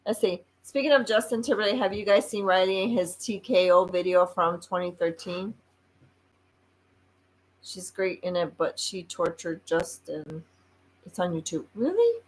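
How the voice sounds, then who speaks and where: A woman's voice: on the low side, lively intonation, moderate pace, rough recording. A woman hosting a casual live show, chatty and playful, often laughing. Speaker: show host.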